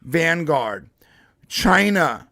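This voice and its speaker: A man with a fairly high voice recounts a story in a loose, rambling way, stumbling over restarts and breaking into laughs. The sound is dry and close, with no room around it. It is casual podcast chat among co-hosts. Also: big pitch swings, drawn-out words, gravelly, bright, forceful tone, dry recording. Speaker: podcast co-host.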